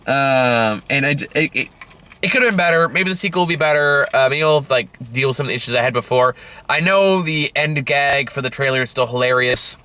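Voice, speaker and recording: A man's voice: medium pitch, brisk, bright, forceful tone. A young man giving a rambling, casual movie review, full of fillers, self-corrections and offhand swearing.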